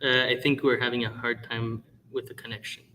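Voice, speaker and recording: A man moderating a festival panel in a conference hall, his voice bright and forward. He halts often and trips over a place name, keeping things informal. Faint noise sits behind him. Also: medium pitch, little pitch movement. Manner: halting, stumbles over names. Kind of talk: live event hosting.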